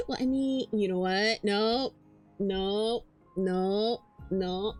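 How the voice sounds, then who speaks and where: A woman's voice: mid-range voice, measured pace, faint music behind. A woman streaming, chatting casually and rambling, swearing often and tripping over her words, hyper but tired. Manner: rambling, swears a lot, stammers and repeats herself.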